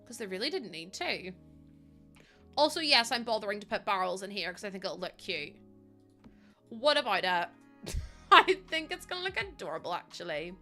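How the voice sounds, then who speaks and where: A young woman streams a game build and talks straight to her chat, reading out names and getting heated. Her voice is bright and forward. Soft music plays in the background. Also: medium pitch, very animated, normal speed, pauses often. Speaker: live streamer.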